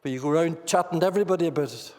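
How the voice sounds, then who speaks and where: A man's voice: on the high side, rapid-fire, darkish tone. A man with a Northern Irish accent preaching a sermon in a church meeting hall, earnestly putting questions to his listeners.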